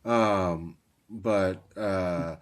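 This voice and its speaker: A man with a very low voice chats on a podcast, easygoing and profane. He tells stories about his kids and breaks into laughter often. He sounds like he's in his thirties. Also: fairly even intonation, very slow. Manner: laughs often, swears freely, storytelling. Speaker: podcast co-host. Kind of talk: casual podcast chat.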